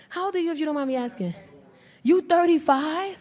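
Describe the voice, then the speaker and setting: A woman doing stand-up comedy on a club stage, brash and animated, acting out voices and working the crowd. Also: sits high, a little fast. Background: audience laughter.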